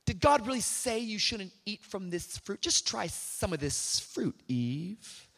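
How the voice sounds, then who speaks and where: Brief: sly tempting serpent, slow and coaxing, fairly high voice, put on by a male preacher. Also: sing-song, gravelly, a bit bright, exaggerated voice.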